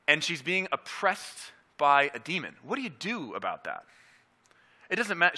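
A pastor with a medium-pitched, sharp-toned voice delivers a teaching sermon, earnest and emphatic. He repeats key phrases and puts questions to his listeners.

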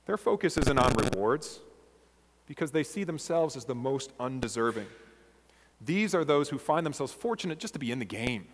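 A man preaching a sermon as a pastor, earnest and measured, asking his listeners rhetorical questions. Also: medium pitch, sing-song, in a large hall.

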